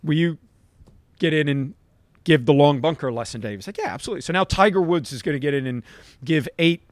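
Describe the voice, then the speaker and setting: Emphatic middle-aged man, fairly high voice. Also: quick pace, no room sound. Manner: emphatic, keeps checking in with "right?" and "listen". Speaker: golf coach, podcast guest. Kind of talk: animated anecdote-telling in conversation.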